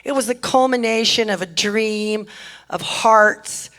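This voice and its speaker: A woman's voice: medium pitch, takes it slowly, a bit bright. A woman making effusive, heartfelt announcements to a church congregation on a handheld microphone, often repeating her thanks. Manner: effusive, repeats thanks, talks with a catch of emotion. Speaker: church speaker giving announcements. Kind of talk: warm announcements at a church service. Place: church sanctuary.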